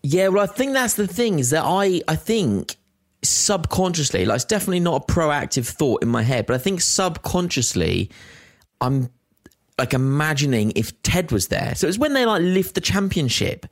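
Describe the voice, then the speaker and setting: A young man, chatting as a podcast co-host in an animated, sweary, self-deprecating way. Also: on the high side, normal speed, dry recording, studio quality. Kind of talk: casual chat.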